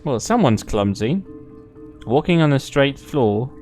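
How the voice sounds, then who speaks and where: A man's voice: medium pitch, sing-song, a little slow, a little mellow, soft background music. A young man streaming a game, chatting casually, playful and swearing freely. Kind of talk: casual gameplay commentary.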